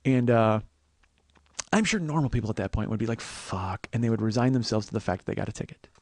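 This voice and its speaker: A man in his forties hosting a comedy podcast, telling a profane story and breaking into shouts as he reenacts an argument. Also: medium pitch, fast talker, no room sound. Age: 40s. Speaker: podcast host.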